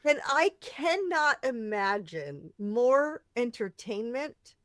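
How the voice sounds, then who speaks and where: A woman's voice: on the high side, sing-song, slow, a bit bright, dry recording, clean studio sound. Playful woman co-hosting a podcast. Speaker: podcast co-host. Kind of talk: casual podcast banter.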